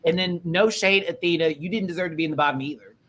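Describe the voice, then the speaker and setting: A man's voice: on the high side, quick pace, fairly bright tone, rough recording. A man hosting a casual pop-culture chat show, talking in a sassy, rambling, profane way. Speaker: podcast host.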